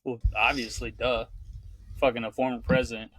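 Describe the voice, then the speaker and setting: A man's voice: mid-range voice, little pitch movement, normal speed, a bit bright, rough recording. A man guesting on a comedy podcast, blunt and profane, often talking over the host. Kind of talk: casual comedy podcast chat.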